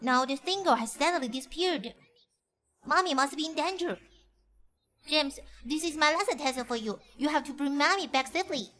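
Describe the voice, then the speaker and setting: A woman's voice: sits high, lively intonation, normal speed, sharp tone. A woman voicing a bossy, clever little boy in a dubbed drama, commanding and testing the adults around him. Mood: urgent.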